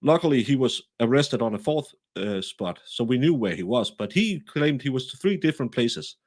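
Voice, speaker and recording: A man with a Danish accent, talking through a case in a casual, animated, self-deprecating way, often restarting his sentences. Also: medium pitch, normal speed. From Denmark. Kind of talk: casual true-crime discussion.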